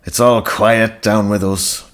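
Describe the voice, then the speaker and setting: A man voicing a kindly, steady middle-aged farmer who talks gently and warmly. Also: fairly low pitch, slow. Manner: gentle, warmhearted.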